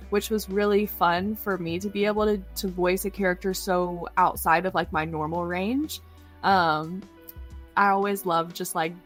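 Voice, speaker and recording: A woman voice actress talking as a guest in a casual interview, bubbly and gushing, often saying "like". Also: mid-range voice. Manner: bubbly, gushing, heavy use of "like".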